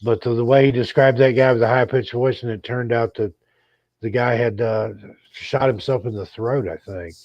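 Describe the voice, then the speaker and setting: A man's voice: medium pitch, steady tone, normal speed, no room sound. Easygoing male podcast co-host, dry muffled sound. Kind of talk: casual chat.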